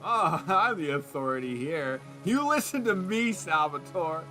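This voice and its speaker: A man's voice: a little high, big pitch swings, unhurried, pushed and bright, soft background music. A man streaming a detective game, commenting with sarcastic jokes. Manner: joking, sarcastic asides.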